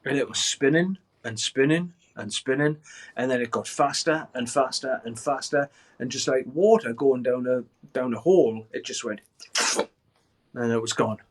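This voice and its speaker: A man in his sixties, a guest musician, telling a story in a podcast interview with lots of swearing and shouted quoted lines. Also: mid-range voice, moderate pace.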